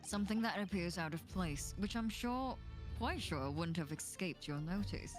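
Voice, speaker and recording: A woman reading the lines of a theatrical, eccentric male detective in measured, deliberate tones, voicing game dialogue aloud. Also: fairly low pitch, lively intonation, music in the background, lightly acted. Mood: haughty probing.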